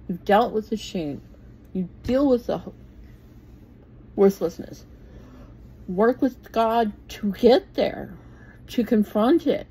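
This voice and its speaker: A woman's voice: mid-range voice, warm tone, husky, poor audio. A woman in her sixties giving an informal, plainspoken Bible talk, blunt and with the odd swear word. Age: 60s. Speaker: bible teacher.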